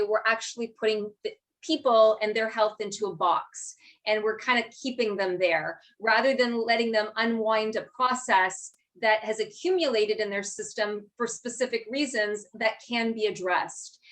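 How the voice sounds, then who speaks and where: A woman with a fairly high voice hosts an interview. She asks probing questions and sums up her guest's points with encouragement. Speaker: interviewer host. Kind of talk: interview chat.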